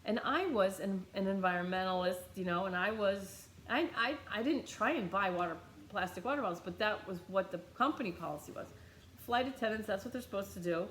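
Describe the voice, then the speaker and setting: A middle-aged American woman telling a story on her vlog, blunt and animated, swearing freely. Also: mid-range voice, fairly quick, roomy sound, a little hiss or hum. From United States. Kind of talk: casual storytelling.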